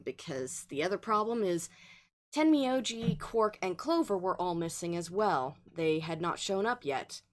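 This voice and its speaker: Woman host, low-ish voice, rambling casual game recap. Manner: rambling recap with filler ums and laughs. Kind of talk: casual let's play chat.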